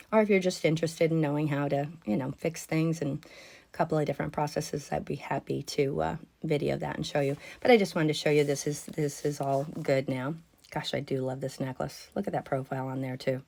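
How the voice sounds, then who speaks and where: A woman's voice: low voice, creaky, a little mellow. A woman chatting casually to her viewers as she unboxes and shows off jewelry at home, gushing over the pieces.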